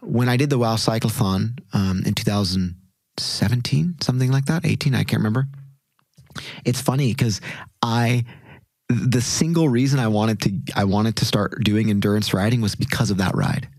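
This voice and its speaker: A man's voice: on the low side, moderate pace, darkish tone, no echo. A man in his thirties, a podcast guest, talking in an earnest, reflective way with lots of fillers and restarts. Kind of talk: casual interview talk.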